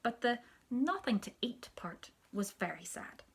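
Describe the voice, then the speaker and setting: A woman, a teacher, reading a children's story aloud in a soft, hushed storytelling manner that often drops near a whisper. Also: fairly high pitch, sing-song, unhurried, husky.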